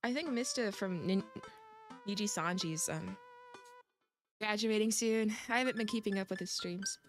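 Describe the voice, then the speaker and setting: A woman's voice: mid-range voice, moderate pace. A young woman streaming a dating game, chatting casually, giggling and rambling with self-teasing asides. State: coughing. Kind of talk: casual let's-play chat. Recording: faint music behind.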